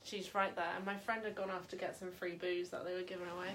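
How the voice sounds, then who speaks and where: Animated woman interviewer. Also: on the low side, fast talker. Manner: animated, self-mocking storyteller. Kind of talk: casual chat. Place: home living room.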